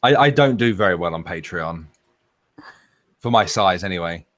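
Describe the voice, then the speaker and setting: A man's voice: low voice, animated, moderate pace, a bit bright, no room sound, studio quality. A man chatting casually, telling swear-laden stories with frequent laughter. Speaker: podcast panelist. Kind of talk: casual chat.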